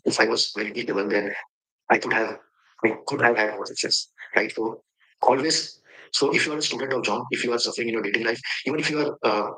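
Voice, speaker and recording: Man, Indian accent, husky, fast talker, halting, many fillers. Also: lowish voice, bright, forceful tone, poor audio. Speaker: coaching client giving a testimonial. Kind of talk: recorded testimonial.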